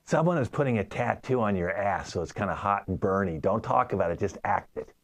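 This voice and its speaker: A man's voice: lowish voice, animated, brisk, creaky, no room sound. A man hosting a live improv show, calling out prompts and directions to performers. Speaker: improv host and side-coach. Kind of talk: coaching improv scene.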